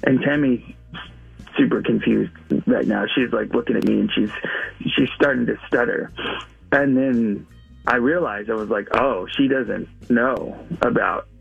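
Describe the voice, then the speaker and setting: A man calling in to tell a personal story, hesitant with many ums, his voice gravelly and husky over a lo-fi phone line. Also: medium pitch, normal speed, soft background music. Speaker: caller.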